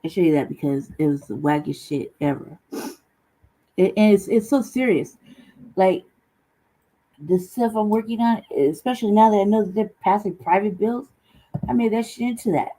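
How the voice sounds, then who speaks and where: A woman's voice: medium pitch, normal speed, long pauses, mellow, rough recording. Blunt, profane woman ranting in commentary. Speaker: host. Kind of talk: casual commentary vlog.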